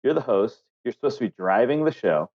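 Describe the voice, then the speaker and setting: Male podcast co-host, mid pitch, dry quips, dull lo-fi recording. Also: expressive, fairly quick. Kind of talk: casual podcast chat. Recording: dull lo-fi sound.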